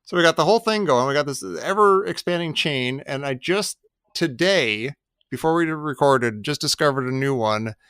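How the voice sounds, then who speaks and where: Man, podcast co-host, casual rambling chat, smooth clear voice, slightly high, dry close sound. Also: moderate pace, a bit bright, no room sound. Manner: rambling, loose storytelling with many fillers.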